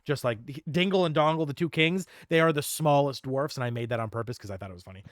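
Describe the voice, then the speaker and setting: A man narrating a tabletop game as dungeon master, telling the story in animated, quick bursts. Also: medium pitch, no echo, clean studio sound.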